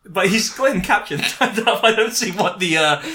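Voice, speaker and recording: A man's voice: high-pitched, expressive, moderate pace, crowd noise. A man hosting a casual comedy chat, joking and laughing often, with a few stammers. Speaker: podcast host.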